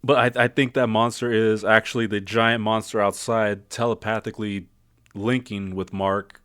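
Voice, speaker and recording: A man's voice: lowish voice, flat delivery, moderate pace, fairly bright tone, clear, resonant tone, no room sound. A man giving a casual spoken film review. He rambles, second-guesses himself and uses lots of fillers. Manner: rambling, self-doubting, many fillers.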